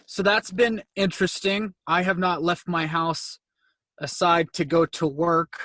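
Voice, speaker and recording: A podcast co-host chatting casually, easygoing and halting, with fillers and repeated words. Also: male voice, fairly high pitch, steady tone, sharp tone, dry recording. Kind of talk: casual chat.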